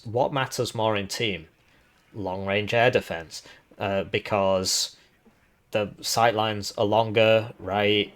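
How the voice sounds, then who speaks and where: A man with a hoarse, tiring voice, casually explaining strategy game tactics and often adding "right?". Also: lowish voice, a bit bright. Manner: chatty, explanatory, tag questions. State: hoarse, voice giving out. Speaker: gaming video host.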